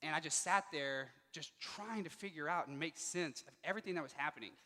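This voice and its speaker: Guy doing a motivational talk at a school, high bright voice, lots of hall echo. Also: brisk. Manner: animated, acts out quoted dialogue. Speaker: motivational speaker. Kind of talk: personal storytelling speech to students. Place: school auditorium.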